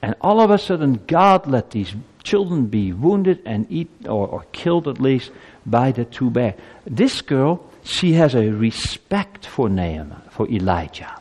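A man's voice: mid-range voice, big pitch swings, unhurried, darkish tone, big-room sound. A man giving a children's sermon, telling a story with animation and asking the children questions. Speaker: preacher.

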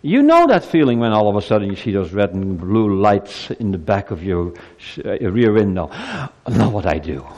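A man in his fifties preaching a Christmas sermon to his congregation. His delivery swings between soft, quiet asides and loud, high climaxes. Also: big pitch swings, moderate pace, in a large hall. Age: 50s. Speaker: pastor.

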